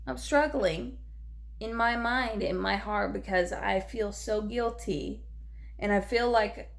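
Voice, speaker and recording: Grieving young woman with a creaky voice. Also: on the high side. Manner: halting, repeats herself, trails off. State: grieving, lacking sleep. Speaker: vlogger. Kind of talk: tearful personal vlog.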